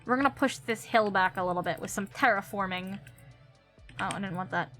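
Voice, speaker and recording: Bright, giggly young woman streamer. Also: medium pitch, brisk, soft background music. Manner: chatty, giggly, thinking aloud. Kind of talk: casual gameplay commentary.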